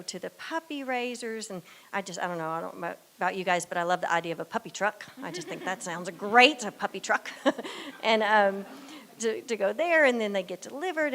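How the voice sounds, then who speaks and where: An older woman who has just graduated with a new guide dog, giving an emotional, halting speech and fighting back tears. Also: mid-range voice, a bit bright.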